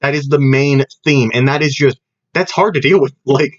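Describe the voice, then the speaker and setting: A young man co-hosting a podcast in casual chat, rambling and animated with lots of fillers and restarts. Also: medium pitch, normal speed. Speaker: podcast co-host. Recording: dull lo-fi podcast audio.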